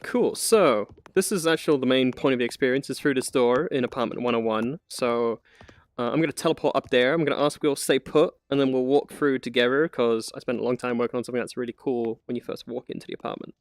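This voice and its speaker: A community manager gives a casual, chatty live-stream tour of a virtual apartment he built, using lots of fillers and laughing often. He talks fast in a mid-range voice.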